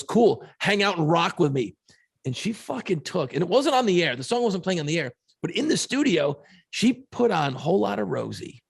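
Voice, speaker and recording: A man with a gravelly, husky voice and a lively, swooping delivery. He swears a lot and talks in an animated, casual way. His voice sits a little high for a man. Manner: profane, animated storyteller. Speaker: podcast co-host. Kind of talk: casual chat.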